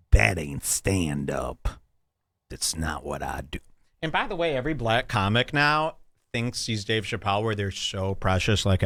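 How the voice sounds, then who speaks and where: A man talks in a casual, mocking way, his pitch swinging up and down as he reacts to clips. His voice sounds close and dry, with no room around it. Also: dry recording. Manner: animated, mocking, jumps between loud and quiet. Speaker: podcast host reacting to clips. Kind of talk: casual commentary.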